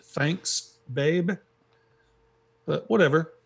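Guest, male, higher voice, hesitant and filler-heavy, casual. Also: drawn-out words, gravelly, slightly rough. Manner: hesitant, with many ums. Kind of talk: casual chat.

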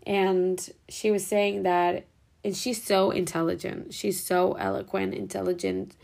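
A woman's voice: medium pitch, little pitch movement, measured pace, gravelly, a little mellow. A young woman hosting a podcast, talking in a rambling, casual way with lots of "like" and "whatever.". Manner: rambling, heavy use of "like" and "whatever". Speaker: podcast host. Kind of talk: casual reflective monologue.

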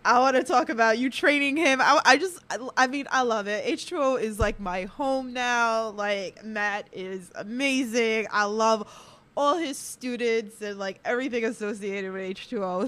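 Bright-voiced, gushing woman host running a casual chat. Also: a little high. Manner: gushing, enthusiastic. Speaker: podcast host. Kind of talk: casual interview.

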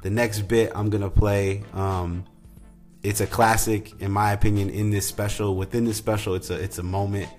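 Relaxed lower-voiced young man host. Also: moderate pace, soft background music. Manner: relaxed, rambling, lots of fillers. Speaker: podcast host. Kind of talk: casual commentary.

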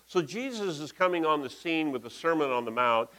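A man's voice: on the high side, animated, brisk, bright, forceful tone, low-quality recording. A man giving a conversational, folksy sermon in a church, talking through slides with asides. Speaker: pastor.

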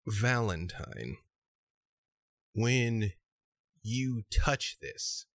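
A man narrating a tabletop game as game master, calmly describing scenes and calling for checks. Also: on the low side, drawn-out words, no echo. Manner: calm, descriptive, with rulings.

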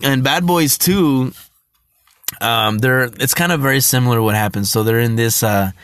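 A man's voice: medium pitch, normal speed, fairly bright tone, no room sound, clean studio sound. A young man in casual talk about movies, rambling, laughing often and swearing loosely as he records on his phone. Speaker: vlogger.

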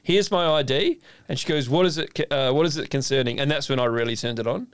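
A man, co-hosting a chef podcast, telling a story in a lively, casual way, acting out the voices of the people in it and swearing freely. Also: mid-range voice, rapid-fire, clean tone, dry recording.

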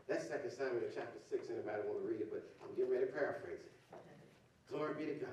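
A man preaching a sermon as pastor, talking to his congregation as y'all and rising into shouts. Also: medium pitch, fast talker. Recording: echoey hall, distant mic, faint ambience.

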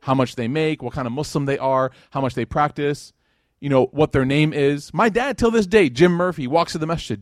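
Male lecturer, higher voice, dry close sound, animated casual storyteller. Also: fairly quick, dry recording. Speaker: Islamic lecturer. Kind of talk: religious lecture to a live audience.

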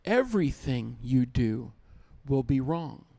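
A man's voice: medium pitch, sing-song, slow pace, creaky, dark tone. A man preaching a sermon as pastor, emphatic, repeating key lines and acting out little everyday scenes.

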